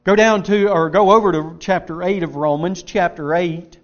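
A man's voice: sits high, fairly even intonation, normal speed, muffled recording. A man preaching a sermon in an auditorium, emphatic, repeating words for stress as he quotes scripture.

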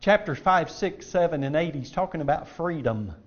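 A man's voice: fairly high pitch, expressive, moderate pace, lo-fi sound. A man preaching a sermon in an auditorium, emphatic, repeating words for stress as he quotes scripture.

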